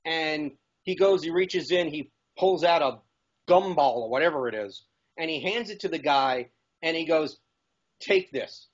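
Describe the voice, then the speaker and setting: Eager high-voiced man rambling as a guest. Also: moderate pace, husky, dull audio. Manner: eager, rambling fan talk with restarts. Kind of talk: casual chat.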